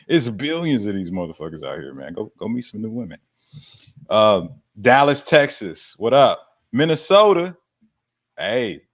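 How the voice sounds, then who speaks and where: Fitness guy on a live stream, lowish voice, slangy and joking around, cusses a lot. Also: very animated, measured pace. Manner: laid-back slangy banter, laughs often, swears casually. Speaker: fitness coach hosting a live Q&A. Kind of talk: casual livestream chat.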